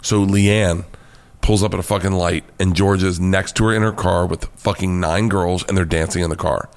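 Animated man telling a story. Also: deep voice, moderate pace. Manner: animated storyteller, swears freely, acts out quotes loudly. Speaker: comedian guest. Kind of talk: storytelling in a casual interview.

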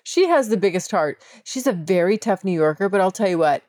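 A chatty woman hosting her podcast solo, speaking frankly and laughing easily. Her voice sits in a middle pitch range. It is recorded close on a mic with a dry sound and no room echo. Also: expressive, brisk, a little mellow. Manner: chatty and candid, with laughs and swearing. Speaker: podcast host. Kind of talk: casual solo podcast monologue.

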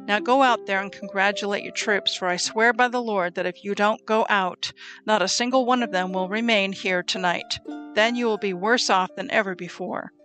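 A woman's voice: mid-range voice, steady tone, moderate pace, a bit bright, faint music behind, natural voice. Woman reading as a stern army commander. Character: stern army commander rebuking his king.

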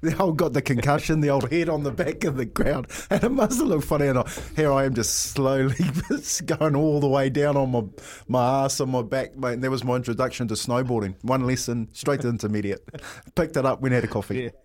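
New Zealand male radio host, animated anecdote teller, laughs often. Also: medium pitch, brisk. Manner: animated storyteller, laughs often, says "mate". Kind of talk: casual radio chat.

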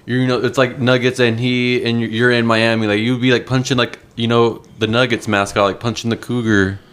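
A man's voice: medium pitch, level tone, brisk, a bit bright, clean tone. Hesitant man rambling with "like". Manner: hesitant, lots of "like". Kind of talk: casual chat.

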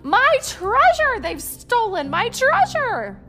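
A woman's voice: big pitch swings, slow, full character voice. A woman voicing a frantic male pirate who has been tied up, shrieking for help in a storybook reading. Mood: panicked. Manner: shrieking, high and loud.

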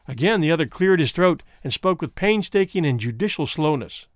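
A man narrating a story in an expressive audiobook reading. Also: medium pitch, normal speed, smooth, no room sound, clean studio sound. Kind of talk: scripted narration.

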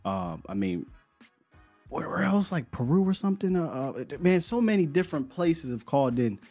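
A relaxed man hosting a live podcast, chatting loosely with lots of slang and repeated words. A little music plays faintly in the background. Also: a little high, moderate pace. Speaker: podcast host. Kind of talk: casual live-stream chat.

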